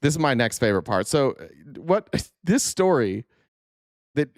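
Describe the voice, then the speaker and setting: A man's voice: medium pitch, big pitch swings, moderate pace, dry recording, studio quality. A young man hosting a political commentary show, speaking sarcastically and swearing often. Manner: sarcastic, profane, laughs often. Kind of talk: casual reaction commentary.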